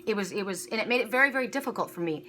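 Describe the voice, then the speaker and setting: Woman doing a chatty spiritual reading, sharp bright voice, kinda halting, says and and and a lot. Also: medium pitch, expressive, a little hiss or hum. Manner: earnest, halting, often repeats words. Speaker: spiritual card reader. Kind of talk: casual spiritual reading to camera.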